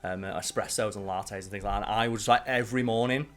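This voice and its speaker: A man's voice: fairly low pitch, steady tone, quick pace, fairly bright tone. A man hosting his channel, chatting casually and rambling through strong opinions with plenty of swearing. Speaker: channel host ranking biscuits. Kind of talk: casual live-stream chat.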